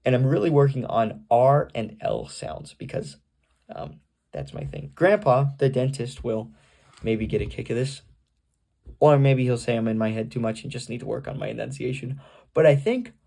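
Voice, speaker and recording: A young man with vocal fry, rambling self-consciously with lots of fillers as he records a casual home video, reading aloud for his family on the camera's built-in mic. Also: medium pitch, a little mellow. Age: young adult. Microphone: camera's built-in mic, no external microphone.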